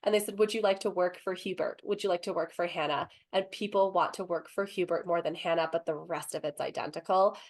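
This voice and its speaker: A woman in her thirties speaking on a panel, telling stories in a calm, earnest way. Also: fairly low pitch, brisk, hardly any pauses. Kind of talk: panel discussion.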